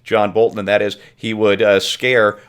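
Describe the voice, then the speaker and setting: A man's voice: on the low side, level tone, clear, resonant tone. Wry man hosting a political show. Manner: brisk, wry, reads lead-ins to questions. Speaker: host.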